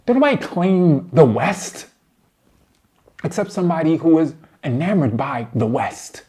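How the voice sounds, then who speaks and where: A man giving heated reaction commentary, addressing his target directly with blunt, slangy lecturing that swings between low muttering and loud outbursts. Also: lively intonation, a little slow, slightly rough. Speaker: commentator responding to a debate.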